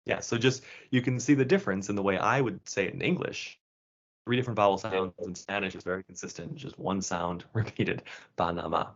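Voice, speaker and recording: Man, low voice, course instructor, relaxed explaining, dull lo-fi recording. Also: fairly quick. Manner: casual, with fillers and restarts. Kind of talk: explanatory lesson narration. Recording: dull lo-fi sound.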